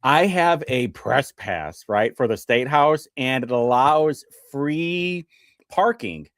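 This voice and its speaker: A man's voice: mid-range voice, expressive, slow, fairly bright tone, dry recording, studio quality. Tipsy man rambling as host. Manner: rambling, joking, many fillers and restarts. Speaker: talk show host. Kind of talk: rambling comedic talk show monologue.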